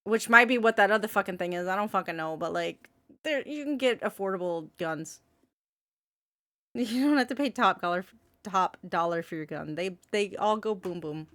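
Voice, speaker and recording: A woman's voice: medium pitch, moderate pace, fairly bright tone, no room sound. A woman streamer giving casual reaction commentary, blunt and jokey, swearing freely.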